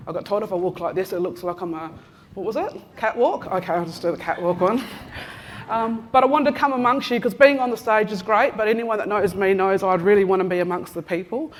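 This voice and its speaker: Against slight background noise, a fairly quick, medium-pitched woman's voice is heard. She's a chatty Australian in her fifties from Western Australia, delivering an Acknowledgement of Country as a casual, joking talk. She walks among the audience in a large conference room, teasing people, addressing them directly and saying "um" often.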